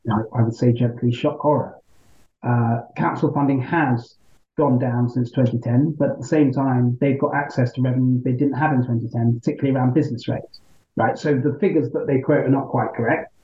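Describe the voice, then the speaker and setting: A male member of parliament answering interview questions in a measured, argumentative way, often checking in with "right?". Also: medium pitch, steady tone, reverberant, lo-fi sound.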